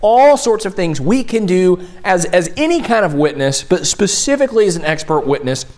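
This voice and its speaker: Tennessee guy teaching mock trial, slightly high voice, chatty, keeps saying right. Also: sing-song, normal speed, darkish tone. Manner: conversational, keeps asking "right?". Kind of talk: instructional video talk.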